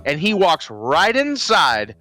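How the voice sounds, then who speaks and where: A man's voice: on the high side, huge pitch swings, slow pace, pushed and bright, soft background music. A man co-hosting a casual podcast, chatty and retelling movie scenes with quoted lines. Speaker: podcast co-host.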